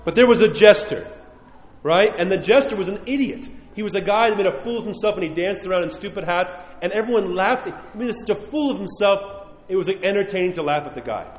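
A man preaching a sermon as a priest, telling a story earnestly and dropping to hushed closing phrases. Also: high voice. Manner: earnest storytelling with rising emphasis and hushed endings. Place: church. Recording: echoey church hall.

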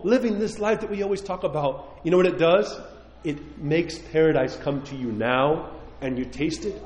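A man preaching a sermon as a priest, telling a story earnestly and dropping to hushed closing phrases. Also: a little high. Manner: earnest storytelling with rising emphasis and hushed endings. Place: church. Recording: echoey church hall.

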